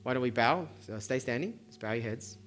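Earnest pastor, faint music behind. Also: male voice, mid-range voice, expressive, brisk. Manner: earnest, often repeats words, drops to soft tones in prayer. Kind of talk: sermon and altar-call prayer. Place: church service.

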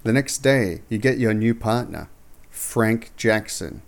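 A man narrating a comedic second-person story in a deadpan way. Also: on the low side, takes it slowly, creaky, over music.

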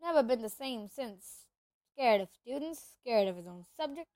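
A hulking, good-natured giant from a storybook, talking in rough, folksy speech with dropped words, as a woman puts him on. The voice stays fairly high. The sound is close and dry, with no room around it. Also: lively intonation, normal speed, a little mellow, dry recording, lightly acted. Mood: chatty. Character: big rough-spoken friendly giant man.

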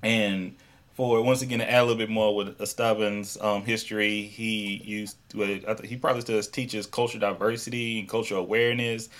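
A man's voice: fairly low pitch, little pitch movement, brisk, a bit bright. A man with a Southern US accent hosting a casual interview podcast, talking in a chatty, rambling way with frequent restarts. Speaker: podcast host.

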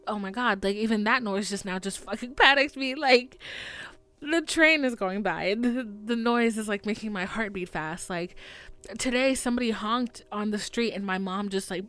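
Young woman host, somewhat high voice, profane and rambling, dry close sound. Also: fairly bright tone, smooth, no echo. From United States. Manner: profane, rambling, fast-talking, laughs to cope. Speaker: podcast host. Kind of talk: casual confessional monologue.

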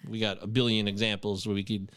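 A man hosting a casual podcast, chatting in an animated, profane way. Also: on the low side, quick pace, over a noisy crowd. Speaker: podcast host. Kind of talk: casual chat.

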